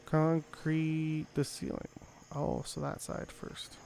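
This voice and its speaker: With completely flat delivery, a young gaming host speaks slowly with vocal fry, rambling casually with many fillers as he plays. His voice is a little high and a little mellow, and a faint hiss or hum is present.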